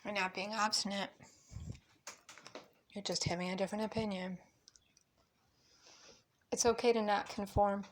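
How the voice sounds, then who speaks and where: A woman's voice: medium pitch, little pitch movement, a little slow, pauses often, a little hiss or hum. A woman talking casually while cooking at home, blunt and emphatic, cursing freely. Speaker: vlogger. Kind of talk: casual cooking vlog with opinionated talk. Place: home kitchen.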